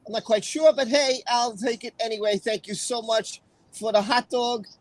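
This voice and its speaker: High-voiced male live-stream host. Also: steady tone, normal speed, no echo, low-quality recording. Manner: chatty, jokey, thanks viewers. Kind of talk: casual live-stream chat.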